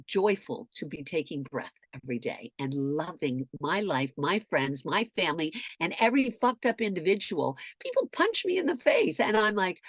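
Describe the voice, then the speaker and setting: A middle-aged woman in casual storytelling chat, animated and profane, acting out shouted quotes. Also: mid-range voice, no room sound, clean studio sound.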